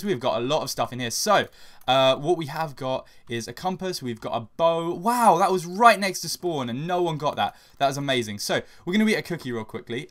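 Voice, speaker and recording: A young man giving casual, chatty commentary over a video game he is playing, getting loud and swearing when under attack. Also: mid-range voice. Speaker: gaming channel host.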